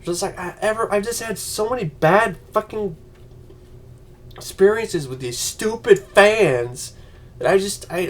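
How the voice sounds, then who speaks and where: Angry profane man ranting about movies. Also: sits high. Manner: profane, yelling, mocking voices. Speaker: vlogger.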